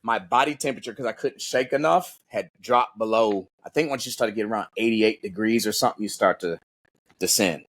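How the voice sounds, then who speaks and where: Male podcast guest, husky tone, animated and profane storyteller. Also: on the low side, fairly quick. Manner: animated, profane, acts out voices in his stories. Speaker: podcast guest, former Navy SEAL. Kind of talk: casual storytelling in an interview.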